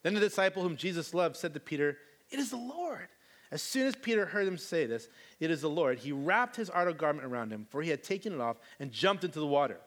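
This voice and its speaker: A man's voice: fairly high pitch, lively intonation, fast, fairly bright tone. A man preaching a sermon, reading scripture and then retelling it in a casual, conversational way with slangy asides.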